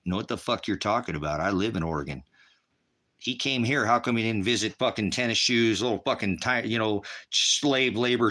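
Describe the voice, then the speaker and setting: A man's voice: fairly low pitch, pushed and bright. A middle-aged man hosting an online ministry, delivering a rambling, combative monologue full of swearing. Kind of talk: profane ranting monologue.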